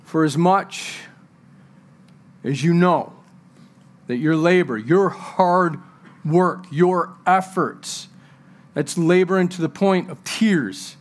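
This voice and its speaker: A man's voice: on the high side, slow pace, long pauses. Man preaching with emphatic repetition. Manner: joking asides to the congregation. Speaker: pastor. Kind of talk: sermon.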